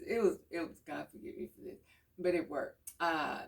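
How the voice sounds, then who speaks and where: Casting: middle-aged woman, low gravelly voice, easygoing home chat, mic set back. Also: moderate pace. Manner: rambling, homey storytelling. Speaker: vlogger. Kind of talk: casual chat. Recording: voice a bit far from the mic.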